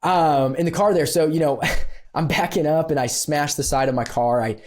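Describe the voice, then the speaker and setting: A man, a guest on a podcast, telling a story in an animated, self-deprecating way with lots of "um" and "you know.". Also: a little high, moderate pace, a crowd in the background. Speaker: podcast guest, business consultant. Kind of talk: conversational storytelling.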